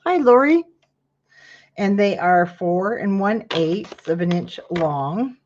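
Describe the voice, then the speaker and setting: A woman's voice: on the low side, slow pace, a little mellow, lo-fi sound, slight background noise. A woman hosting a casual craft tutorial, talking viewers through measuring and cutting while greeting them by name. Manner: chatty, greets viewers by name mid-task.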